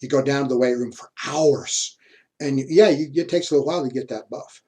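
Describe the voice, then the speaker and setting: In a classroom history lecture at university, a man talks a little fast in a warm, mid-range voice. He's chatty, sharing personal stories and laughing softly often.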